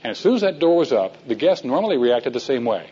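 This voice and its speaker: A man's voice: mid-range voice, very animated, fast talker, warm tone, breathy edge, dull audio. A man teaching a men's Bible class in a folksy storytelling way, asking his listeners questions.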